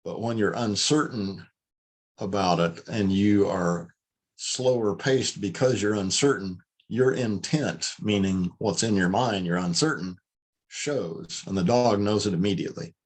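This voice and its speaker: Over a video call, a man instructs an online class on handling dogs. He talks in a fairly low, unhurried voice, with emphasis, and shows examples of voice tones. He works as a dog trainer and instructor.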